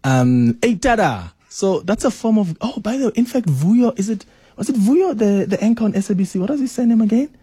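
A South African man hosting a radio talk show, animated and exclaiming often as he reacts and answers listeners. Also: high voice, fairly quick, slightly rough, no room sound.

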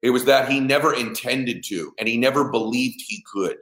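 In an echoey room, a middle-aged father tells a story from his life at a normal pace and with plenty of emphasis. He swears, voices the other people's lines and yells at the high points.

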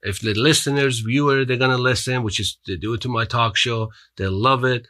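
A man's voice: medium pitch, fairly even intonation, brisk, sharp tone, dry recording. A man with a foreign accent, a podcast guest telling his story in an earnest, motivational way with frequent restarts. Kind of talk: storytelling in an interview.

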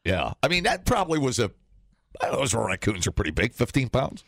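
A man co-hosting a morning radio show trades laid-back jokes with his partner. His gravelly voice rises and falls with lively swings. The studio sound is close and dry. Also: mid-range voice, fast, no room sound. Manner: joking, laid-back, trails off. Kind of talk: casual morning show banter.

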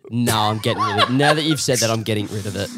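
A man's voice: fairly low pitch, expressive, rapid-fire, very noisy. A man, a comedian co-hosting a podcast, telling rambling anecdotes. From Australia. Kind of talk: casual comedic chat.

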